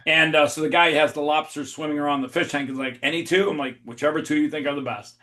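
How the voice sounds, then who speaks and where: Animated, swearing man telling a story. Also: on the high side, fast. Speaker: podcast guest. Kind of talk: casual storytelling.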